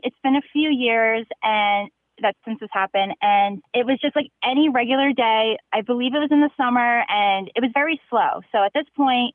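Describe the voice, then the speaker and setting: A woman's voice: a little high, no room sound, low-quality recording. A woman calling in to a show and telling a story in a chipper manner, laughing through grim details. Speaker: caller.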